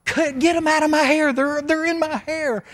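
A man's voice: extremely high pitch, fairly even intonation, normal speed, a bit bright, pitched above the performer's own voice. A man voicing a panicked young male hippie on a bad trip, shrieking frantic pleas for help. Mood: terrified screaming.

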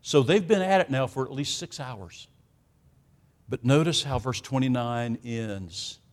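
A man's voice: medium pitch, lively intonation, unhurried. Emphatic male preacher. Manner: emphatic, sarcastic asides, varies loudness widely. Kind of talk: sermon.

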